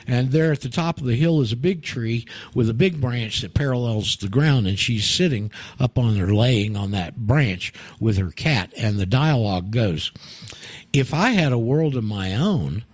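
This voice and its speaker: A man's voice: mid-range voice, moderate pace, few pauses, dry recording. A man hosting a call-in radio show, telling a story in a rambling way with many fillers and restarts. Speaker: radio host.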